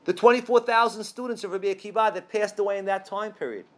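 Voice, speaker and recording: Man, high voice, lively storyteller addressing a room with rhetorical questions. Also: fast talker. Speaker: speaker at a Passover event. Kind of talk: storytelling speech to a live audience. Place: room with an audience.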